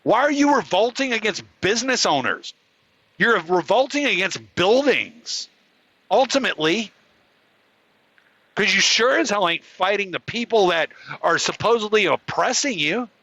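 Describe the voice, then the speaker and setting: A man's voice: sits high, lively intonation, normal speed, pushed and bright, dry recording, poor audio. A man hosting his own show, delivering an angry, profane rant. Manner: furious, profane, heated ranting. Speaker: podcast host. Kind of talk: angry ranting monologue.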